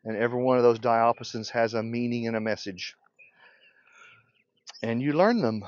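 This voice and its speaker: A man's voice: mid-range voice, normal speed, pauses often, dry recording. An older man, a beekeeping teacher, delivering a passionate unscripted rant. He is blunt and provocative and laughs often. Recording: dull lo-fi recording.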